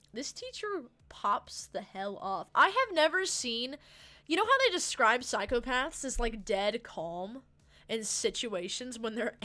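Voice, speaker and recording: Girl streamer yapping a story, kinda high and bright voice, slangy and rambly. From United States. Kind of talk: casual storytime chat while gaming.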